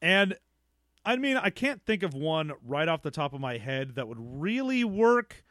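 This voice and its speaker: Brief: relaxed male co-host, slightly high voice, dry close sound. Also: measured pace, dry recording. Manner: laid-back, jokey, laughs often. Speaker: podcast co-host. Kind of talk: casual chat.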